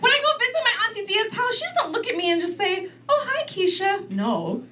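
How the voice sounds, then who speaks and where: A woman doing stand-up on a comedy club stage. Her high voice leaps around as she acts out relatives. It is caught from some distance off the mic. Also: wildly swooping pitch, quick pace, noisy background.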